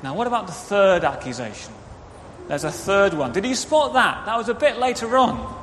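Male preacher, high lively voice, children's talk, reverberant church. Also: normal speed, slight background noise. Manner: animated, directs children, acts out quotes. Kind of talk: interactive children's sermon. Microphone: microphone. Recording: reverberant hall, faint ambience.

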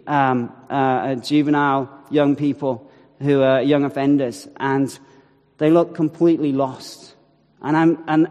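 A man telling a personal faith story to an audience, animated, with acted-out quotes and wry asides. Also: a little high. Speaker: speaker telling a testimony. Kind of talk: storytelling talk. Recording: long hall reverb.

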